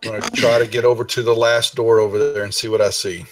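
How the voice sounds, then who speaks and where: A man's voice: lowish voice, flat delivery, quick pace. A man playing an online tabletop game, plainly stating his character's actions. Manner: matter-of-fact, states his actions. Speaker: player. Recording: distant mic.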